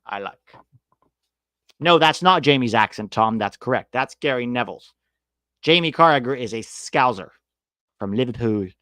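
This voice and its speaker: A man hosts a casual soccer chat show, ranting bluntly and sarcastically and swearing freely. His voice sits at an ordinary pitch, recorded close and dry with no room sound. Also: fairly bright tone, no room sound. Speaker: soccer podcast host reading live chat.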